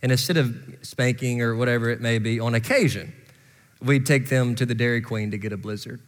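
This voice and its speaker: A man's voice: mid-range voice, brisk. A middle-aged pastor preaches in a church sanctuary, telling family stories with easy humor and then pressing his point with fervor. His voice sits in a middle range, and a long hall reverb trails each phrase. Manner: conversational storytelling rising to impassioned exhortation. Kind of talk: sermon.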